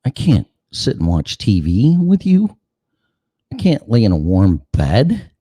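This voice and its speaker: A man's voice: on the low side, wildly swooping pitch, takes it slowly, dark tone, breathy edge, no room sound, exaggerated voice. A man voicing a resentful, mistreated male house dog that talks back indignantly and curses. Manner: indignant, profane back-talk.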